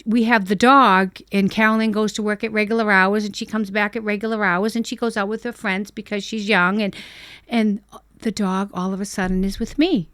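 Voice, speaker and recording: An older woman, a dog owner and podcast guest, telling a family story in a casual, animated way and acting out what people said. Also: mid-range voice, a little fast, no room sound, clean studio sound. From Boston area. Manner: animated, acts out family members' voices in quotes.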